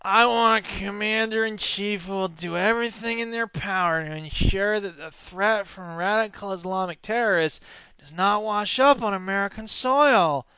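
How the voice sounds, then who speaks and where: Man doing a sniveling, whiny politician voice, high-ish and crisp. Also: normal speed, pushed and bright, no room sound.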